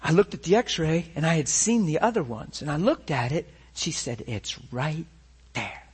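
A man's voice: on the high side, sing-song, moderate pace, husky. A man telling a personal story dramatically, acting out the voices and laughing through it. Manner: dramatic, acts out every voice, laughs through lines. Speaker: storyteller giving a testimony.

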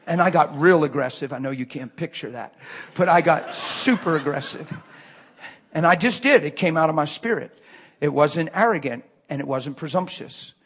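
Guy preaching a story, kinda husky, fairly high voice, goes quiet then loud. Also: normal speed. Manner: swings from hushed murmurs to loud excited bursts. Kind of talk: sermon storytelling.

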